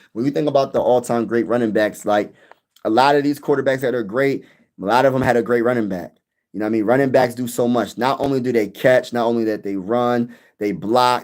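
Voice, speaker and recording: Young male sports streamer, casual, animated, talks right to his chat. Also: mid-range voice. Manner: animated, chatty, reads out and answers viewer comments. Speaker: sports channel host. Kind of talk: casual livestream sports talk.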